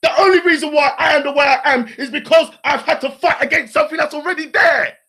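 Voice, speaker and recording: Furious high-pitched man ranting. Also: fast, vocal fry. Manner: furious, profane, shouting rant. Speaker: panelist on a live stream. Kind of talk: angry live-stream rant.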